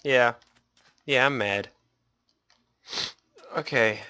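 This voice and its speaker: A man hosting a casual game playthrough, muttering to himself and then breaking into yelps and shouts. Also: mid-range voice, drawn-out words, clean tone, no room sound. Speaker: gaming channel host. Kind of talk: casual let's play commentary.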